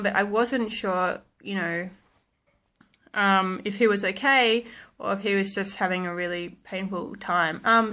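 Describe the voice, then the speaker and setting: A woman's voice: mid-range voice, a bit bright. A young woman telling stories in a casual vlog, rambling with lots of ums and likes and laughing at herself. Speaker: vlogger.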